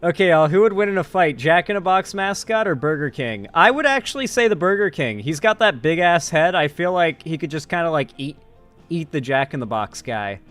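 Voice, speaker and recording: A man streaming casually, joking and reading his chat aloud in an animated way. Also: a little high, a little fast, faint music behind. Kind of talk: casual live-stream commentary.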